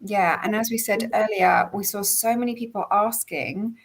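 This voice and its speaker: A woman's voice: mid-range voice, steady tone, normal speed, husky. A woman hosting a live online quiz, reading out questions and viewer comments in an upbeat way. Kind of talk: casual live-stream chat.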